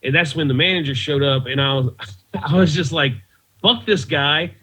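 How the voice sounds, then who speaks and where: A man's voice: mid-range voice, brisk, a bit bright. A man, a comedian and podcast guest, telling stories in a loose, rambling way and chuckling at his own tales. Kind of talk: casual storytelling interview. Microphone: video call. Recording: muffled video call audio.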